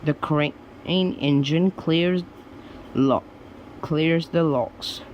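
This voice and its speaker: Slow, deliberate storybook reader, man. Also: on the high side, steady tone, dull audio, a little hiss or hum. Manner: slow, deliberate read-aloud with small slips and restarts. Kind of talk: reading children's stories aloud.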